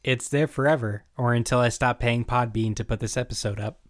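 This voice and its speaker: A man's voice: medium pitch, steady tone, brisk, dry recording, clean studio sound. A man hosting a comedy podcast, leading the segments in a playful, casual way. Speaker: podcast host.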